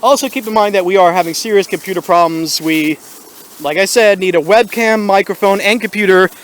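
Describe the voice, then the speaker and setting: A man's voice: sits high, fairly quick. A man hosting his own video channel, talking straight to viewers in an exasperated, sarcastic rant, recorded on a small camera microphone. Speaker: video host. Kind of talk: ranting vlog commentary. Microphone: built-in camera microphone.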